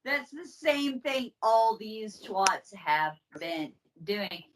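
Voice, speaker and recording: A woman's voice: mid-range voice, expressive, extremely slow, recorded from a distance, slight background noise, poor audio. A woman co-hosting a casual podcast, swearing freely and giddy with laughter as she leads the topic. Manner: profane, giddy, dissolving into laughter. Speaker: podcast co-host presenting the topic.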